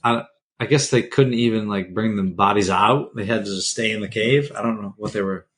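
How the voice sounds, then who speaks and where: Male podcast co-host, casual rambling storyteller, deadpan humor. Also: lowish voice, fairly quick. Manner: loose, rambling, deadpan asides.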